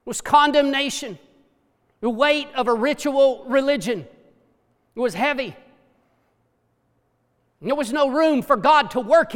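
A man preaching a sermon with passion, dropping to hushed low tones for emphasis. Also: a little slow, long pauses. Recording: long hall reverb.

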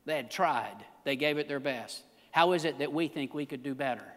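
A man preaching a sermon as pastor, emphatic and building to shouts. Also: on the high side, normal speed, long reverb tail.

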